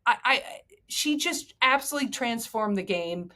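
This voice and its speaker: A woman's voice: a little high, animated, normal speed, sharp tone. Enthusiastic woman hosting a sports podcast. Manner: enthusiastic, digressive, emotional. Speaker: podcast host. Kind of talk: solo sports podcast talk.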